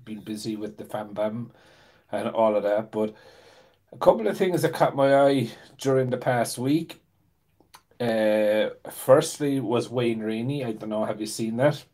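A man hosting a casual podcast, chatty and quick to laugh. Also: medium pitch, a little mellow. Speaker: podcast host.

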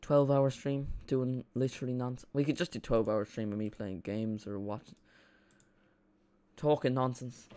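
A man's voice: mid-range voice, normal speed, smooth. Chatty Irish man streaming a match. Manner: chatty, rambling, excitable. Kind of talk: live football watch-along chat.

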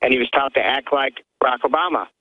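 A man who is a radio producer gives a plain account on air, halting now and then with fillers. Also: medium pitch, no echo. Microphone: telephone line. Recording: tinny phone line.

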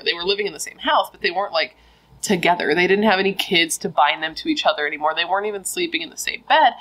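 A woman's voice: mid-range voice, a bit bright, poor audio. A young woman casually retelling a true crime story, chatty and full of filler words.

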